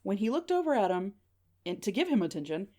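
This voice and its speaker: A woman podcast host telling a paranormal story, animated and acting out the voices. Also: medium pitch, fast. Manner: animated, acts out quoted voices.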